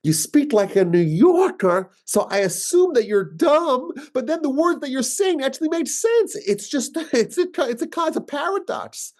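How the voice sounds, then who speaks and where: A man's voice: very high voice, big pitch swings, darkish tone, pitched above the performer's own voice. A man voicing a bemused British man who stumbles over his words as he puzzles aloud. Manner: halting, repeats words while puzzling aloud.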